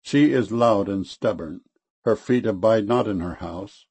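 Guy reading bible verses, gravelly husky voice, solemn. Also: lowish voice, measured pace, darkish tone. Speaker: scripture reader.

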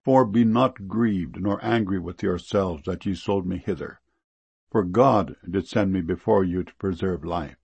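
A man's voice: deep voice, a little slow, gravelly, darkish tone, breathy edge, no echo, exaggerated voice. A man reading the part of a powerful ruler speaking earnestly to his brothers in a solemn scripture reading.

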